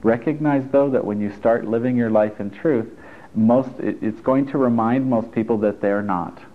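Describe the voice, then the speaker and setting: The tinny, phone-like lo-fi recording captures a man, a therapist, running a live workshop for an audience in a stuffy indoor room. He speaks at normal speed in a medium-pitched voice, chatty and encouraging with joking asides.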